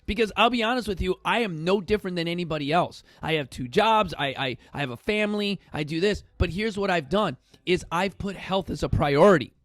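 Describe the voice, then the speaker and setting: A man's voice: high voice, expressive, fairly quick, few pauses, fairly bright tone, dry recording. A man hosting a fitness talk show, speaking casually and bluntly to viewers and swearing now and then for emphasis. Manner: blunt and chatty, swears for emphasis, addresses viewers as "you guys". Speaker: fitness studio founder and show host. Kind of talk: casual motivational talk to camera. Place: fitness studio.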